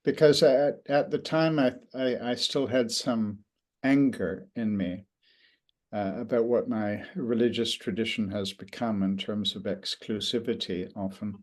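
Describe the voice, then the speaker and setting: An older man giving an interview, speaking reflectively and haltingly, with many restarts and pauses. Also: on the low side, fairly even intonation. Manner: thoughtful, halting with frequent restarts and fillers. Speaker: interview guest, author.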